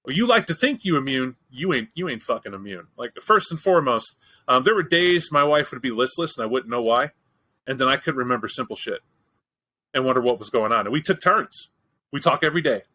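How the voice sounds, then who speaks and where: Candid, joking man with a bright voice. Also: medium pitch, expressive, fairly quick, rough recording. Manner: candid, profane, joking storyteller. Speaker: podcast host. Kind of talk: casual chat.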